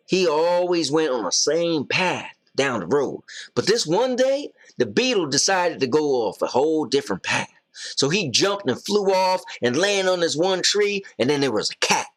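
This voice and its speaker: A man's voice: fairly high pitch, sing-song, normal speed, a bit bright. A man co-hosting a casual show, joking and playfully boasting while he tells a rambling story. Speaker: co-host. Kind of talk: casual chat, joking banter.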